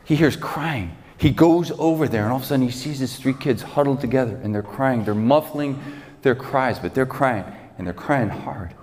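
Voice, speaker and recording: Long reverb fills the church sanctuary as a man preaches in a mid-range, slightly mellow voice at a moderate pace. His sermon turns a story into vivid drama, built on repeated phrases.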